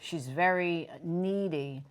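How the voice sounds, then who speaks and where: A woman's voice: on the low side, takes it slowly, clear, resonant tone. A woman co-hosting a relationship talk show, chatting candidly and often breaking off mid-thought. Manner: chatty, candid, self-interrupting. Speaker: co-host. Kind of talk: casual chat.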